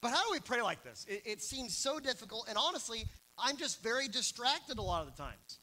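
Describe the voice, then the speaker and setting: A young man preaching a sermon, telling stories with animated, self-deprecating humor. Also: very high-pitched, a little fast, a little hiss or hum, rough recording.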